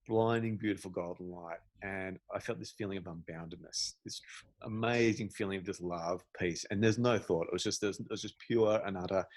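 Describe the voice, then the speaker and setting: A man's voice: fairly low pitch, dry recording, poor audio. A man in his forties, a podcast guest, telling a personal story in casual interview style, laughing often and acting out bits of dialogue. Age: 40s.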